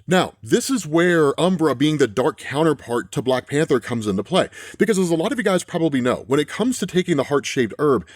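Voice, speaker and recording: A man casually recapping a comic issue, often tossing in "right?" and slowing down to read captions aloud. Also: a little high, no echo, clean studio sound. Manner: animated, frequent "right?" asides, reads caption text slowly. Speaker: comics explainer host.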